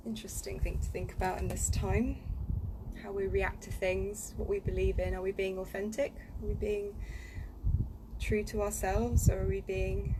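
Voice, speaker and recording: A woman's voice: mid-range voice, a little hiss or hum, rough recording. Chatty woman reading a children's book. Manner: chatty, rambling, playful. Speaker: audiobook reader and voiceover artist. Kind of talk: casual chat, then reading aloud. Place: home studio.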